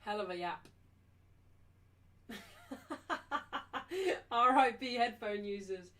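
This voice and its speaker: A woman hosting a live match watchalong, chatting casually and slipping into high baby talk with her dog. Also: slow pace, a bit bright. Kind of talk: casual live commentary and chat. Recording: voice a little distant from the mic.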